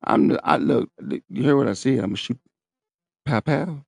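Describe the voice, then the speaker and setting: A man's voice: medium pitch, fairly quick, creaky, darkish tone, dry recording, studio quality. A man hosting his own podcast, rambling in a profane, streetwise, boastful way. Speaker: podcast host. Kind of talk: rambling solo podcast talk. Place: at home, seated in a wheelchair.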